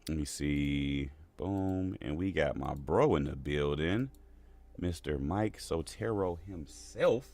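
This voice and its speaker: A man's voice: extremely low pitch, takes it slowly, darkish tone. A man hosting a live crypto stream in a casual, playful, slangy way, laughing often.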